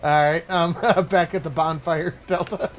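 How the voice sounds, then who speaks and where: A man's voice: fairly high pitch, steady tone, measured pace. A man playing a game on stream who chats casually and laughs as he talks. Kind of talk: casual gaming chat. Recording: faint music in the background.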